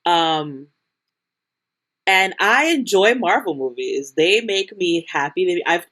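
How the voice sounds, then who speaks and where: A young woman co-hosts a chatty podcast in a lowish voice. She rambles and keeps circling back to restart her thoughts. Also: expressive, slow pace, fairly bright tone. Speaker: podcast co-host. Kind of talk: casual chat.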